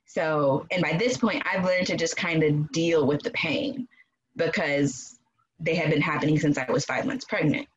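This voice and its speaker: A woman casually telling a personal story in an animated way, acting out quoted voices and laughing often. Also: sits low, normal speed, husky, lo-fi sound. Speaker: guest telling her birth story.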